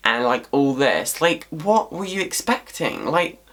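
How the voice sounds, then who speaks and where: A man ranting casually to camera as a vlogger, swearing freely in an animated, exasperated way. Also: a little high, a little slow.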